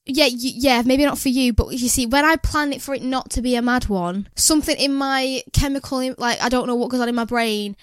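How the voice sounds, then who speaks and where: A woman's voice: high voice, fairly quick, few pauses, smooth, dry recording, studio quality. A young woman co-hosting a podcast, chatting casually in a brash, teasing way with plenty of swearing. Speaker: podcast co-host. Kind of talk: casual chat.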